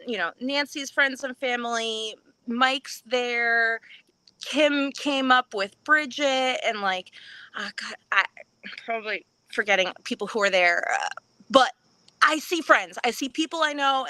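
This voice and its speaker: A woman on a live podcast, telling a story with lively energy, acting out what people said and laughing often. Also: on the high side, no echo. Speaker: podcast guest. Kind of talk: excited race recap.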